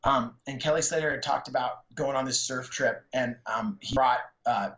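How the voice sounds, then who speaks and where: A man's voice: medium pitch, normal speed, fairly bright tone. A middle-aged man from the San Francisco Bay Area, a stand-up comedian guesting on an interview. He tells stories in casual slang and acts out other people's lines with a raised voice. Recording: echoey room, slightly dull sound.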